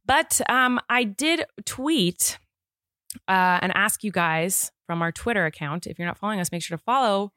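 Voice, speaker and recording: A woman co-hosting a podcast in casual chat, talking in an animated way and quick to insist she is right. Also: medium pitch, no echo, studio quality. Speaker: podcast co-host.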